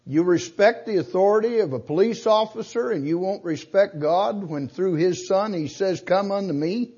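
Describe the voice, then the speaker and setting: A man's voice: high-pitched, normal speed, slightly rough, dull audio. An older man preaching a sermon, pressing his point with rhetorical questions and punching key words. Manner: emphatic, rhetorical questions, rising to loud stresses.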